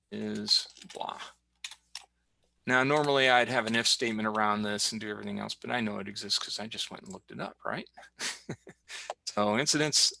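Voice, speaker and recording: A man's voice: medium pitch, gravelly, sharp tone. A man giving a casual screen-share tutorial as guest expert on a video call, chatty and joking as he clicks through steps. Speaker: guest expert demonstrating software.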